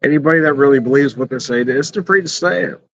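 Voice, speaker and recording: A man's voice: medium pitch, fast, no echo. A middle-aged man reviewing beer in a casual rambling vlog, blunt and profane, chuckling often, talking outdoors in the evening. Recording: dull, slightly lo-fi and dry.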